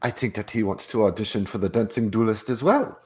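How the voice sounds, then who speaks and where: A man's voice: on the low side, fairly quick, a little mellow. A man playing a tabletop game, speaking theatrically in character. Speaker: player.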